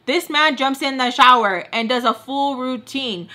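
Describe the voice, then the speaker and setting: Young female vlogger, bright voice, chatty storytime delivery with Spanish phrases slipped in. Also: high-pitched, measured pace. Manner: chatty, filler-heavy with "like", animated retelling. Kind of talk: casual storytime.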